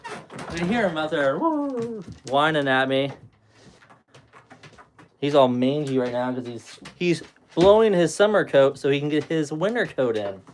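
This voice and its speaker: A man's voice: fairly high pitch, animated, moderate pace, long pauses, a little hiss or hum. A man hosting a casual livestream, chatting loosely with viewers in a rambling, easygoing way. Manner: rambling, talks to his dog between chat replies. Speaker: livestream host.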